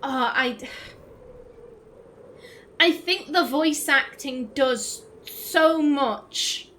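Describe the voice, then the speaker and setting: A woman's voice: high-pitched, very slow, sharp tone, slight background noise. Chatty woman commenting on gameplay. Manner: chatty, enthusiastic, full of fillers and restarts. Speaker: let's play host.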